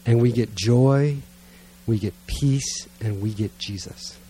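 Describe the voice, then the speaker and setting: A middle-aged man preaching to a gathered congregation, telling a self-mocking family story in a lively way and then praying quietly and earnestly. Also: medium pitch, slow pace, slight background noise. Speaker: pastor. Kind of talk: sermon storytelling and prayer. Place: church gathering with listeners present.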